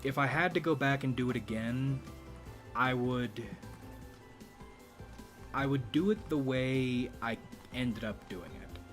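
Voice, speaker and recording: A man hosting a YouTube channel in a rambling, casual monologue, speaking in a deliberately low register with a slight vibrato. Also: a bit bright, faint music behind. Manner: rambling, with frequent restarts and profanity.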